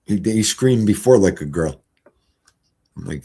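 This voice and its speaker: A man's voice: fairly low pitch, animated, unhurried, pauses often, warm tone, slightly rough. A man, live-streaming and chatting casually in a rambling, folksy storytelling way.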